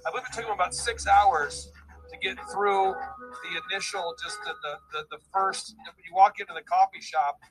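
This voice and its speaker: A man's voice: high-pitched, moderate pace, a bit bright, soft background music, rough recording. A man hosting a casual podcast chat, rambling and joking, with many restarts. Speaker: podcast host.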